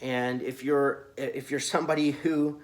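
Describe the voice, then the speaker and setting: A man's voice: medium pitch, flat delivery, unhurried. A man giving earnest business advice in a casual video, asking the listener many questions and often restarting his words. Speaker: business coach.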